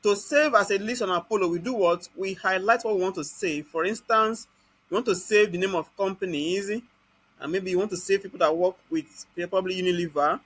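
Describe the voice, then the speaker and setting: A man with a Nigerian accent leads a live online software class. He keeps asking the class "what?" and then answers it himself. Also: high voice, a little fast, husky. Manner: scolds students in Nigerian Pidgin.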